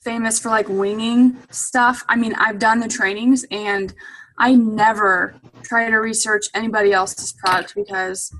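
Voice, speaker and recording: A woman's voice: fairly high pitch, a little slow, a bit bright, rough recording. Chatty woman full of "like". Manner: chatty, loose, lots of "like". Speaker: coach on a team call. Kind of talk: casual team call.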